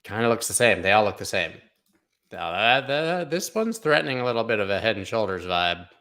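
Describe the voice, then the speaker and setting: A male show host talks through trading charts in a loose livestream ramble, cracking offhand jokes as he goes. His voice sits a little low but comes across bright and pushy, with a punchy edge to every remark. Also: sing-song, brisk. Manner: rambling, jokey, thinks aloud. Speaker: crypto market analyst host. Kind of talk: casual livestream chart commentary.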